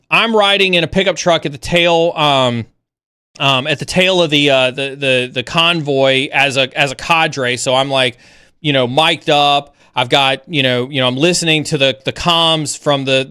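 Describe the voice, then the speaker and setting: Male stream host with a crisp, raised voice and a dry sound, who tells stories animatedly and often stops to restart. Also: no room sound. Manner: animated, rising pitch when excited; halting with frequent restarts. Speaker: livestream host. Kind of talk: casual storytelling.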